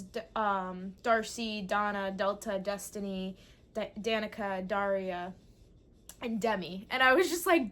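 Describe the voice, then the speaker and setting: Excitable young woman gushing about books. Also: medium pitch. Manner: excitable, gushing, swears a lot. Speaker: book vlogger. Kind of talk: casual vlog chat.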